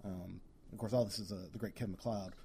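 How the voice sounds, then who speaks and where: A man's voice: on the low side, fairly even intonation, quick pace, dark tone. A man giving casual commentary on his audio drama episode, chatty and laughing easily.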